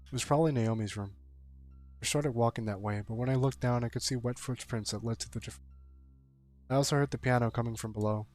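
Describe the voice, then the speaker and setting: A man's voice: mid-range voice, quick pace, darkish tone, soft background music. A man streaming a visual novel, reading the text aloud and breaking off into exasperated, profane commentary.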